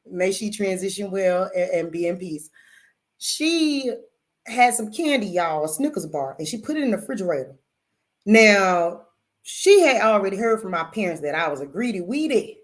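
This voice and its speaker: A woman host telling a story in casual, animated talk, calling her listeners y'all and swearing freely. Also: medium pitch. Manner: animated, profane, addresses audience as y'all.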